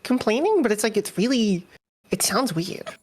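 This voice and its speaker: Relaxed woman game master. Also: on the high side, moderate pace, slightly rough. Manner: relaxed, loose describing. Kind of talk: narrating a tabletop game.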